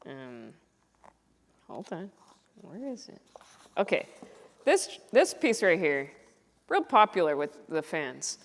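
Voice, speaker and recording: A woman comedian in her thirties tells stories onstage with a lively, swooping pitch, acting out what people said with sudden high, excited bursts. Her voice carries a long hall reverb from the auditorium around her. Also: slow pace, long pauses. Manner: animated storyteller, acts out quotes with bursts of high excited voice. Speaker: comedian and guest. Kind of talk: casual onstage conversation. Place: stage in an auditorium.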